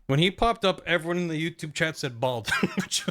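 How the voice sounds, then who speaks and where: A young man chats casually on stream, rambling and poking fun at himself. His voice sits a little on the high side, and he fills his talk with ums and quick laughs. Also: expressive, over music. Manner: rambling, self-deprecating, many fillers and laughs.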